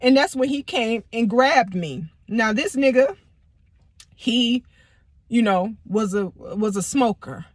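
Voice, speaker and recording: A woman telling a personal story in a casual, animated, profane way. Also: fairly high pitch, takes it slowly, no echo, studio quality. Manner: animated, profane, emphatic retelling. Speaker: vlogger, storyteller.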